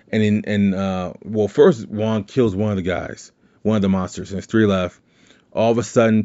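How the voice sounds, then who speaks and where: A podcast host with a lowish, darkish voice casually recaps a movie's plot, rambling as he retells scenes with quoted lines. The recording has a dull, lo-fi sound.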